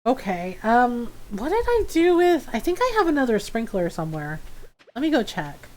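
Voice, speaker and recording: A woman's voice: fairly high pitch, wildly swooping pitch, moderate pace, a little mellow. A woman streaming a farming game, chatting casually and rambling with lots of ums and self-deprecating asides. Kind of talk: casual let's-play chat.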